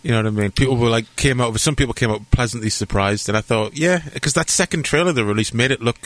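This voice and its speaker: A man's voice: medium pitch, quick pace, fairly bright tone, no room sound. A man, co-hosting a podcast in casual, swear-filled chat, full of "like". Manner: loose and chatty, swears freely, says "like" often. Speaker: podcast co-host.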